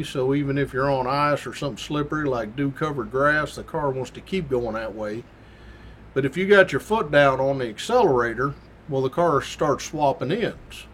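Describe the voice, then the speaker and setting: A former state trooper telling a story from his patrol days in a folksy, slangy way. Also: a little high. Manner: folksy, colorful, down-home slang. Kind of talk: casual anecdotal storytelling.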